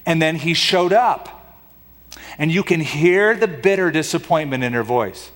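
In a long, reverberant hall, a pastor delivers a dramatic sermon full of rhetorical questions for the congregation. His voice runs on the high side, fairly bright, with lively intonation at a normal speed.

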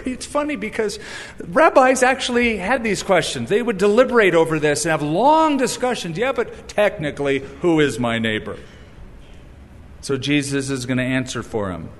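A man preaching a sermon, animated and storytelling, who acts out the voices he quotes and breaks in with wry asides. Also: a little high, long reverb tail. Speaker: pastor.

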